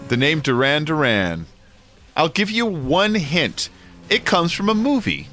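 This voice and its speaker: A man hosts a live game stream in a loose, rambling way, telling stories and breaking into laughter. His voice is bright and very animated. Soft music runs underneath. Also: on the high side, measured pace. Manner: chatty, laughs often, rambling storyteller. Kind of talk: casual live-stream chat.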